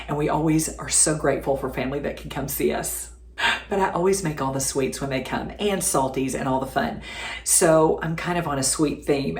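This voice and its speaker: A woman's voice: low-pitched, darkish tone, roomy sound. A middle-aged woman hosts a home cooking show, chatty and affectionate, laughing often. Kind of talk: casual home cooking demonstration. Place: home kitchen.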